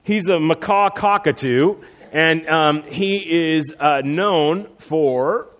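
Pastor preaching in a reverberant hall. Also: male voice, a little high, takes it slowly, fairly bright tone. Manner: conversational with many fillers and restarts. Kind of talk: sermon.

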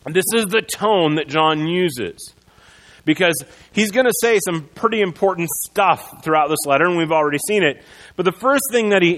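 A man's voice: sits high, fairly bright tone, big-room sound, poor audio. A man preaching a sermon as pastor, in a conversational way with many fillers and restarts.

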